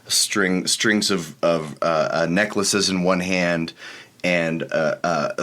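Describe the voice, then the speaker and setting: A man narrating scenes and rules as game master of a tabletop game, in a relaxed, descriptive way. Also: low-pitched, a little slow, slight background noise.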